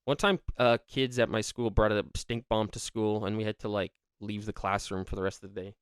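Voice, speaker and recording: A man's voice: fairly low pitch, level tone, clear, resonant tone, no room sound, studio quality. Young man rambling through prank stories. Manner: rambling storyteller, quick laughs. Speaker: podcast co-host. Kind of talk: casual chat, reading advice aloud.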